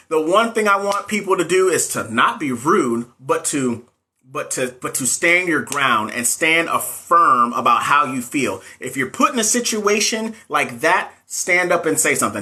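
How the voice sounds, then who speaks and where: A man hosting a casual livestream, talking straight to his viewers in an animated, blunt way and sometimes swearing. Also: on the high side, normal speed. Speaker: livestream host giving nursing exam advice.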